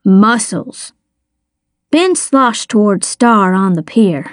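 A woman narrating a first-person children's mystery story in a measured, expressive reading on a close studio mic. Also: a little high, dry recording. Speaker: audiobook narrator.

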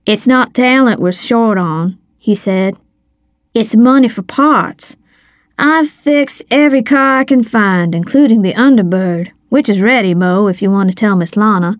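Woman reads weary young male racer, low-key, storybook. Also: unhurried, no echo, clean studio sound, close to an everyday voice. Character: tired young man, easygoing race car driver.

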